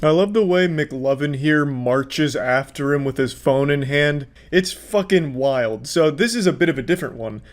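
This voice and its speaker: Male commentator, slightly high voice, mocking and profane, reaction-video delivery. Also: normal speed, hardly any pauses.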